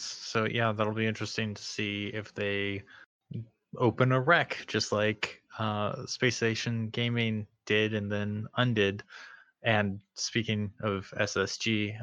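A man's voice: fairly low pitch, a bit bright, dry recording. A man co-hosting an esports podcast, commenting in a wry, casual way. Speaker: podcast co-host. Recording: dull, dry lo-fi mic.

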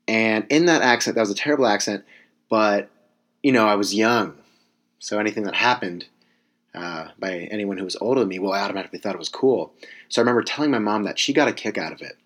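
A man's voice: on the low side, fast, a bit bright. A young man in his twenties from California, giving a rambling, self-correcting comedic monologue with wry asides.

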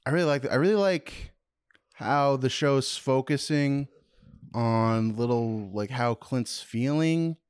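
A man's voice: medium pitch, slow, a little mellow, clean tone, no echo, clean studio sound. A man co-hosting a podcast in casual chat, laid-back and a bit hesitant, searching for his words as he talks. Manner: laid-back, hesitant, many fillers and restarts. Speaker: podcast co-host.

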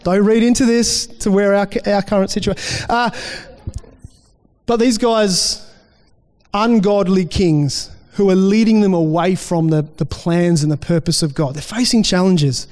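High-voiced preacher in a reverberant hall. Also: male voice, measured pace, darkish tone. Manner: conversational preaching with restarts and acted-out quotes. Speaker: pastor. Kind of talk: sermon.

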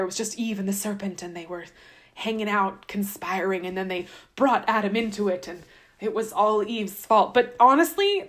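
A woman hosting a podcast, retelling scripture in a chatty, irreverent way with wry asides. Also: medium pitch. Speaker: podcast host. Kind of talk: casual comic scripture retelling.

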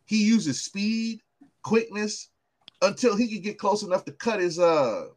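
A man co-hosting a podcast in casual chat, animated and swearing freely, often repeating words. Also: high voice, unhurried. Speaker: podcast co-host.

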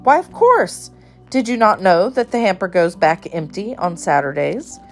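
A prim little town mouse, polite to a fault but quick to turn huffy and fussy, as a woman reading aloud puts him on. His lines come a bit brighter and livelier than the narration. Soft music drifts behind. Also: mid-range voice, sing-song.

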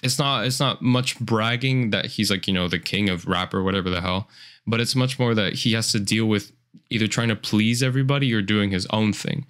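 Low-voiced man hosting a music podcast. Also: a little fast, a bit bright, clean tone. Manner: loose, filler-heavy, swears casually. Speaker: podcast host. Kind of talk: casual music review chat.

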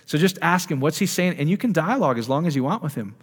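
A man's voice: on the high side, animated, quick pace, breathy edge. A man speaking as a ministry leader, teaching a live group in a casual, conversational way and checking in with the audience through questions. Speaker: ministry speaker leading prayer. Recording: long reverb of a hall.

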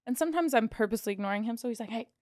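A woman casino dealer and podcast co-host telling a story in casual chat, animated, full of "like" and the odd swear word. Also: fairly high pitch, racing, dry recording, studio quality. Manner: animated, heavy use of "like", swearing.

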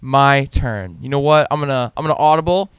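A man's voice: medium pitch, fairly quick, clean tone, dry recording. A man in casual banter with friends, teasing and mocking the others.

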